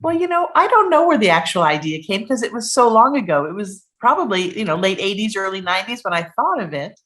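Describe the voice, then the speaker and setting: Lively quick-talking woman author. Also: mid-range voice. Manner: lively, quick talk with animated storybook reading. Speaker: children's author. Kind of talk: casual interview chat and reading aloud from her picture book.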